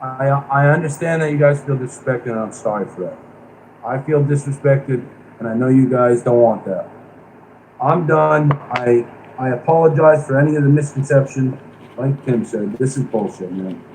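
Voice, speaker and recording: A man on a live-stream panel giving a halting apology to the others. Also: medium pitch, darkish tone, slight background noise, low-quality recording.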